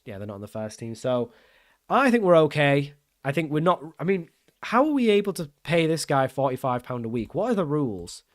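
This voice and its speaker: A man's voice: mid-range voice, no room sound, studio quality. A young man giving casual gameplay commentary, thinking aloud in a puzzled, self-mocking way as he works through his choices. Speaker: gaming channel host.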